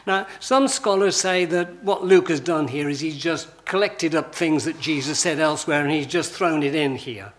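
A man's voice: a little high, normal speed, hardly any pauses. A man preaching a sermon in a conversational style, full of rhetorical questions and emphatic lists.

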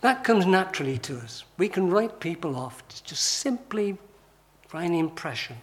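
A man's voice: high voice, big pitch swings, normal speed. A man preaching a sermon in a conversational style, full of rhetorical questions and emphatic lists.

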